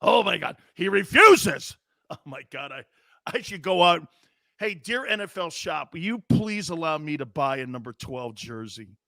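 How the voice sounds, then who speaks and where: A man hosting a sports talk show, giving animated, sarcastic, ranting opinions. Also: on the high side, normal speed, creaky, no room sound, studio quality.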